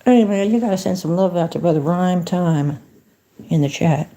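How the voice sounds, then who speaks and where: A woman's voice: lowish voice, moderate pace, warm tone. A woman livestreaming from home in a folksy, chatty manner, talking to her viewers and to a phone voice assistant. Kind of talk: casual livestream chat.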